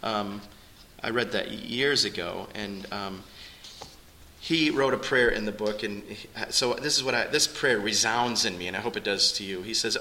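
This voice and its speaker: Earnest preaching man, bright tone. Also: lowish voice, moderate pace, a little hiss or hum, poor audio. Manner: earnest, conversational preaching with restarts. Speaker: pastor. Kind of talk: sermon.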